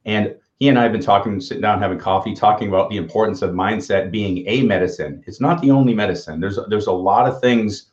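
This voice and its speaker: Fast and nearly pause-free, this man's fairly low voice carries upbeat motivational tales. He's in his fifties, co-hosting a casual livestream chat, and the recording is echoey, muffled lo-fi.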